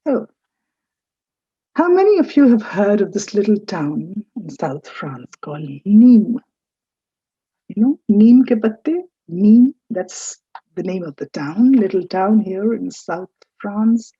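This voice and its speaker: Slow, dark-voiced woman teacher. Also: medium pitch, expressive, slightly rough, no room sound, muffled recording. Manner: explanatory, corrects pronunciation. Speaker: French language teacher. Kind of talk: recorded online lecture.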